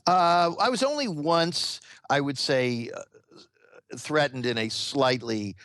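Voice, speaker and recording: Halting man answering interview questions. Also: a little high, lively intonation, fairly bright tone, no echo. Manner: rambling, halting with many restarts and fillers. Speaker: author and guest.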